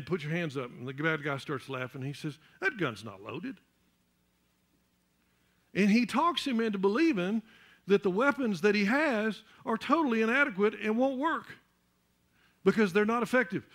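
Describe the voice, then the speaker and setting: A man delivers a church sermon in a high, sharp, forceful voice. He builds steadily to loud, emphatic peaks and often repeats a word while reaching for the next. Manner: repeats words while searching for the next one. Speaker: pastor.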